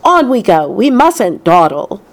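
A woman voicing a brisk, bossy, eccentric man in a storybook reading, emphatic and chirpy. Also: mid-range voice, very animated.

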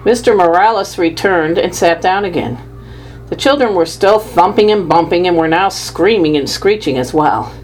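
A woman narrating a children's storybook in the first person, with a measured, lively telling. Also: lowish voice, a little hiss or hum, rough recording. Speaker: audiobook narrator.

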